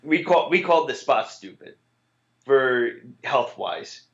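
A man's voice: medium pitch, lively intonation, slow pace. A man co-hosting a wrestling podcast, chatting casually and often trailing off mid-thought. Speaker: podcast co-host. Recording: dull lo-fi mic.

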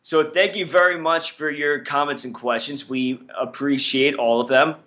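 A man's voice: fairly high pitch, fairly even intonation, moderate pace, bright, forceful tone. A man co-hosting a casual podcast, teasing and arguing with his co-host. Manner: teasing, argumentative.

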